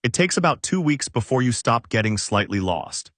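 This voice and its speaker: Calm, direct weather-controlling woman voiced by a male narrator, matter-of-fact, dry sound. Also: mid-range voice, moderate pace, no room sound.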